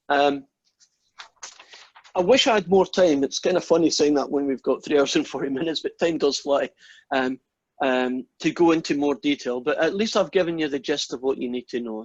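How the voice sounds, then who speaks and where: Male lecturer, husky, chatty storyteller, dull dry lo-fi audio. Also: mid-range voice, dry recording. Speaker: math lecturer. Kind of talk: online lecture with a joke.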